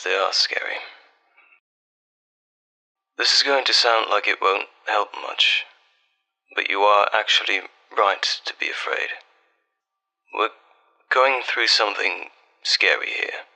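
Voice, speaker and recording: Man for a whispered role-play: breathy, bright-edged, slow, tender boyfriend on the phone. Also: on the low side, rough recording. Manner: soft, tender, reassuring boyfriend on a late-night call. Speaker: ASMR artist.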